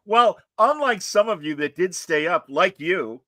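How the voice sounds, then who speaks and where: A man's voice: high-pitched, lively intonation, unhurried, bright, forceful tone, no echo. A man hosting a casual chat show, talking in a rambling way with lots of fillers and restarts. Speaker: host.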